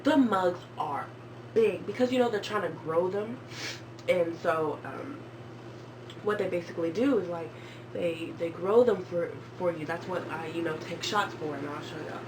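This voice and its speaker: A woman in her twenties telling a story casually and jokingly on a vlog, jumping into squeaky high voices when she quotes people. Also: moderate pace, background noise. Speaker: vlogger. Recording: far from the mic with clear background music.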